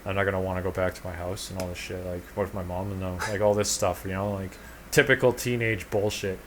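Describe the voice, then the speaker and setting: A man's voice: low-pitched, little pitch movement, fast talker, noisy background. A man co-hosting a podcast, telling a long casual story in a rambling, profane, laid-back way. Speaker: podcast co-host.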